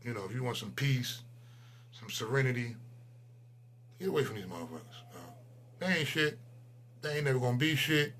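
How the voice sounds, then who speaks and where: A man in his forties, a channel host, delivering a profane, heated ranting monologue that swings between loud outbursts and low mutters. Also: lively intonation, normal speed, long pauses, slight background noise. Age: 40s.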